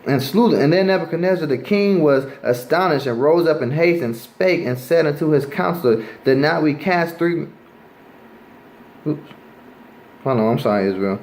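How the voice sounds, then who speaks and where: A man's voice: on the high side, lively intonation, fairly quick, hardly any pauses, darkish tone, low-quality recording. A man giving a scripture teaching sermon, reading verses aloud and pressing his points with emphatic rhetorical questions. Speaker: Bible teacher.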